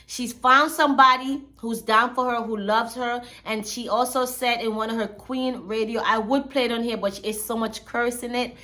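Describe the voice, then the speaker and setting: A woman's voice: a little high, steady tone, normal speed, few pauses, bright, forceful tone. A woman hosting a commentary channel, talking in a chatty, slangy storytelling way. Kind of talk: casual commentary.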